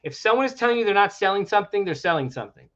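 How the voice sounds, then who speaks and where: A man's voice: high-pitched, lively intonation, racing, fairly bright tone. A man co-hosting a casual livestream, ranting and sarcastic as he talks. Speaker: livestream co-host. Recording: lo-fi stream audio.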